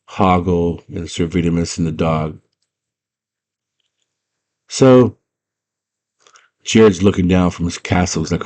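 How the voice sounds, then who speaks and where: A young man with a very low voice excitedly retells a movie, piling on slang and side comments as he goes. His delivery is loose and enthusiastic, the style of a casual chat with a friend. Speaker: movie fan retelling a film.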